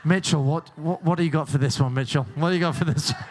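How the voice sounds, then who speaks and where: A man's voice: on the high side, fast talker, slight background noise. A man hosting a game show, joking and teasing the contestants and laughing often. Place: cruise ship show lounge.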